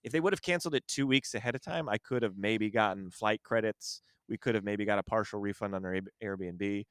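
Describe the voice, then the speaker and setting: Emphatic smooth-voiced man telling a story. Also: fairly low pitch, a little fast, no room sound, studio quality. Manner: animated storyteller, defensive and emphatic. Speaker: comedian podcast host. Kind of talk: casual chat.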